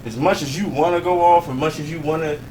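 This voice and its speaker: An emphatic man on a casual podcast who swears freely and laughs through his own stories. His voice sits a touch high for a man. He is picked up from a distance in an echoey room with faint noise behind. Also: quick pace, a loud crowd. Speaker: podcast host.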